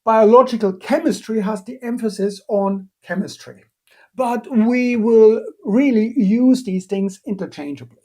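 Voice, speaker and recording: A man lectures on biochemistry over a live stream, in an unhurried, dark and mellow voice. He pauses often and fills the gaps with ums and uhs. Every so often he breaks off to answer questions from the chat with a playful aside. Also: sits high. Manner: hesitant, many fillers, playful asides.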